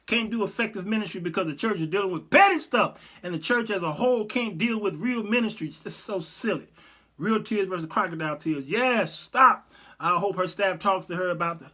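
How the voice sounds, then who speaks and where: A man's voice: high voice, bright, forceful tone. A middle-aged man hosting an online talk show, chatting casually, laughing often and mimicking people as he comments. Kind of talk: casual commentary show reading live chat.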